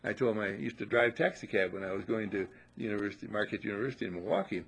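A man's voice: on the low side, rapid-fire, gravelly, a bit bright, breathy edge. An older man telling folksy stories in a casual motivational talk, repeating upbeat affirmations. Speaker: motivational speaker.

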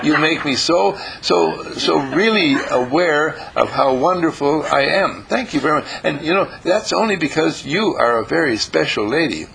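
A man voicing a gushing, endlessly affectionate woman visitor who talks in effusive, sing-song flattery. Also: fairly high pitch, moderate pace, gravelly, hardly any pauses, a little hiss or hum, pitched above the performer's own voice, low-quality recording.

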